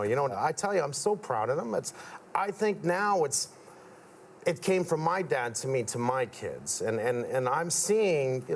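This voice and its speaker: A middle-aged man who works as a contractor chats casually as a talk-show guest, his voice medium in pitch over slight background noise. When he tells stories, he gets animated and acts out quoted people.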